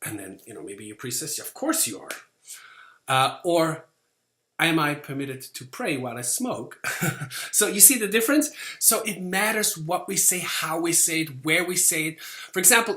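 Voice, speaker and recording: A man's voice: high voice, bright, forceful tone, echoey room. A man giving a lecture on sales, talking conversationally, acting out short quoted lines and often checking in with "okay?". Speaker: sales instructor.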